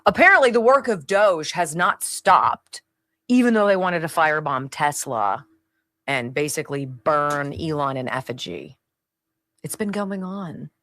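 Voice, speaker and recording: A woman's voice: deep voice, no echo. A middle-aged woman runs a talk radio show, her voice leaping up and down as she riffs with biting sarcasm. The sound is dry and close, with no room around it. She tosses in snappy impressions of the people she talks about. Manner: animated and sarcastic, putting on quick voices for quoted people. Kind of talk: opinionated talk radio monologue.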